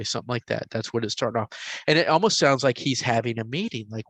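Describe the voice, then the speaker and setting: A man in his forties tells a story in a casual, conversational way, his voice sitting at an ordinary middle pitch. He gets animated at the exciting parts and drops into a hushed whisper when he quotes the voices. The recording is dry and close, with no room sound. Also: fairly quick, no echo. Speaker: podcast host telling a story.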